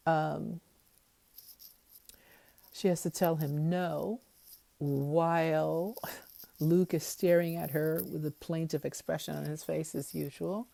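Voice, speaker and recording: Slow-talking lady doing a wry casual tv recap, gravelly voice, dry close sound. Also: low voice, mellow, no echo. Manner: chatty, wry, many fillers. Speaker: TV episode commentator.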